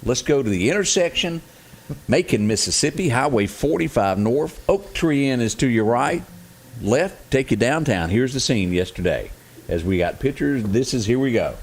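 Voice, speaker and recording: A man hosting a casual talk show, folksy and chuckling as he chats. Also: medium pitch. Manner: folksy and chuckling, lively delivery. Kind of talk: casual studio chat.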